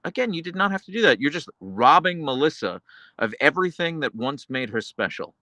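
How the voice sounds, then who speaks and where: A man's voice: fairly high pitch, big pitch swings, brisk, sharp tone, dry recording. A man hosting a livestream, reading viewer messages and rambling casually with lots of fillers and self-corrections. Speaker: livestream host reading chat.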